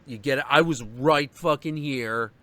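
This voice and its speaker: A man's voice: medium pitch, measured pace. A man hosting a live stream, telling a story in a casual, profane rant and acting out the people in it. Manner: animated, profane, acts out voices in his story. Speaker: stream host.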